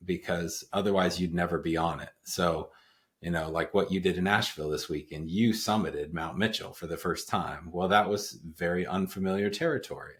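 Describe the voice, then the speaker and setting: A man hosting a podcast, talking in a relaxed, rambling way with many fillers as he tells a story. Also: deep voice. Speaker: podcast host. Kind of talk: casual conversation.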